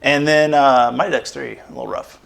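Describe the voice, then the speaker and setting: A man with a gravelly, creaky voice rambles through a relaxed podcast chat. He piles on fillers and restarts as he talks, loose and conversational. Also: mid-range voice, moderate pace, slight background noise. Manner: rambling, chatty, with many fillers. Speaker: podcast co-host and producer. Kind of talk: casual chat.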